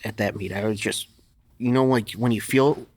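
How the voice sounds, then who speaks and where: A man's voice: fairly low pitch, moderate pace. A middle-aged man, a podcast guest, telling blunt, profane stories in casual conversation and laughing as he goes. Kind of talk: casual storytelling interview.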